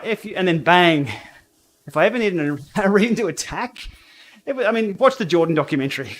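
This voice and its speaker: A man's voice: high voice, expressive. Blunt man on a livestream. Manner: blunt, outspoken, quick to laugh. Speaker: cycling YouTuber and livestream host. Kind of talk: casual livestream chat while riding. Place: home indoor training room.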